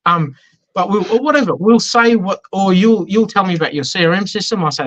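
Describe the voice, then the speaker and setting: A man's voice: sits high, animated, fairly quick, fairly bright tone, highs cut off. An Australian man chatting in an interview, telling anecdotes in a self-deprecating way. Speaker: business guest. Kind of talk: casual conversational interview.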